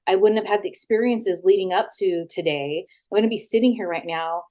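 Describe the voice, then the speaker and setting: A woman, a former wrestler, talking frankly as an interview guest, animated and full of quoted back-and-forth, sitting at a house. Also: mid-range voice, a little fast. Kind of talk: casual storytelling interview.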